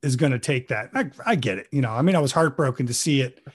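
A man who talks casually on a podcast, telling an animated, profane story about a scene he acted in. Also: medium pitch, quick pace, slightly rough. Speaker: guest actor recalling a role.

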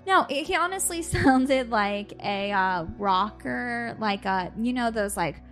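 A woman podcast host telling a story casually over a video call, animated, laughing and swearing as she goes. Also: a little high, slow pace, soft background music.

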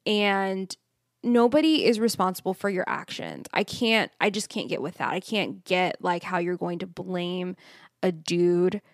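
A young woman hosting a podcast, telling a personal story in a blunt, animated way and swearing freely. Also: fairly low pitch, measured pace, dry recording, studio quality. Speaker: podcast host. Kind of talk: candid storytelling monologue.

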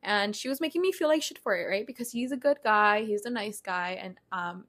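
A woman's voice: mid-range voice, fairly quick, a bit bright. A woman in her twenties hosting a casual solo podcast, candid and chatty, swearing freely and using lots of fillers. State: out of breath. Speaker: podcast host. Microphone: podcast mic, partly faulty.

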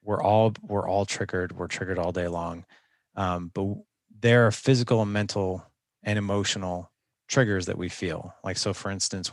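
Gravelly low-voiced man coaching. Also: no room sound, clean studio sound. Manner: earnest, coaching, with frequent restarts. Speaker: guest coach. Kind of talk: conversational interview.

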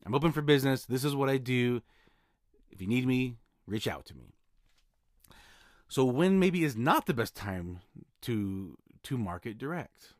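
A man's voice: mid-range voice, no room sound, studio quality. A man hosting a solo podcast, talking casually about his notary work, often repeating and restarting words. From Utah. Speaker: podcast host, mobile notary.

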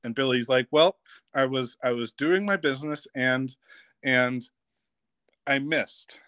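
A man tells a camp story on a podcast, lively and casual, often breaking into laughter. His voice sits at an ordinary male pitch. The sound is dry and close, with no room echo. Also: unhurried. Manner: lively, laughs while telling stories. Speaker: podcast guest, former camp counselor.

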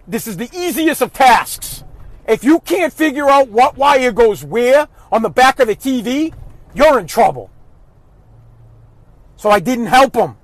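There's no echo on this very high-pitched man's voice. He's a dad airing his views on raising children in a foul-mouthed, blunt monologue, growing louder as he talks.

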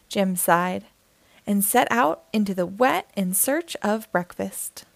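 Slow, lively woman reading to kids. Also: medium pitch, vocal fry, no echo. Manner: expressive, voices for the characters. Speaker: storyteller. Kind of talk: children's read-aloud.

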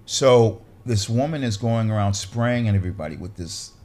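Lively storytelling man, low-ish voice. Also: moderate pace. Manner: acts out quoted voices, frequent restarts and fillers. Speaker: actor and guest telling a story. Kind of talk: animated anecdote storytelling.

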